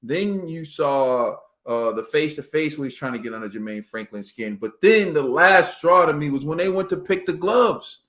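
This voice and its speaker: A man co-hosting a casual boxing talk show, telling the story in an animated, slangy way and acting out quotes. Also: a little high, normal speed, hardly any pauses.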